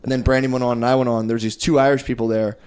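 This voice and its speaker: A man talks at a brisk clip on a comedy podcast, rambling through a wild story and saying "dude" constantly. He acts out other people's lines as he goes. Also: medium pitch, level tone, darkish tone, clean tone. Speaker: podcast co-host. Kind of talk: casual storytelling chat.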